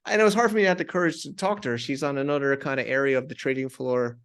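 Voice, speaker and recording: Give me a male podcast guest recounting a story in halting, animated bursts. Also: medium pitch, smooth. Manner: halting, many restarts, animated retelling. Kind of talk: conversational storytelling.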